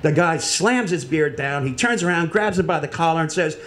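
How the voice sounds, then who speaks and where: A man telling jokes on a comedy panel, animated and acting out the voices. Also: on the high side, brisk, heavy background noise. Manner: animated storyteller, acts out voices. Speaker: joke-off contestant.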